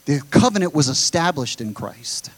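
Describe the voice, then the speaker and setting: A man's voice: on the high side, very animated, normal speed. A man preaching a sermon to his congregation, talking straight to them and driving his points home by repeating them. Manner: preaching with emphatic repetition, addresses the congregation directly. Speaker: pastor.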